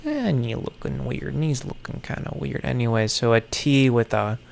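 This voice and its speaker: A man's voice: mid-range voice, moderate pace, creaky, slight background noise. A man thinking aloud to himself in casual solo commentary, muttering, sarcastic and swearing offhandedly. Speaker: content creator. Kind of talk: casual solo commentary while puzzling something out.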